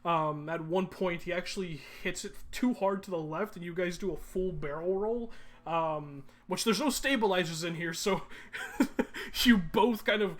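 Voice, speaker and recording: A man narrating as game master of a tabletop game, pausing often with ums and uhs. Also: high-pitched. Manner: halting, many ums and uhs.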